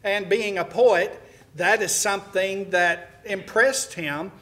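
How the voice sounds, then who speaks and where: Bright-voiced, high-pitched male preacher. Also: steady tone, takes it slowly. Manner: folksy storytelling with frequent "uh" and restarts. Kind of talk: sermon to a congregation.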